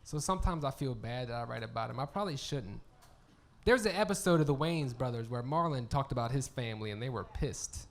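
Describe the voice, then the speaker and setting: A man's voice: medium pitch, lively intonation, fairly quick. A man who is a stand-up comedian, chatting as a guest on a live stage, telling family stories and acting out quotes with plenty of swearing. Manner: laughing, acts out quotes, swears freely. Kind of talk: casual storytelling chat.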